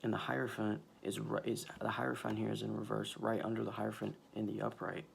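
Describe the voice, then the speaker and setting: A man doing a casual tarot reading, talking haltingly with many restarts and emotional pauses. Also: on the low side, level tone, gravelly, a little hiss or hum. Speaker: tarot reader.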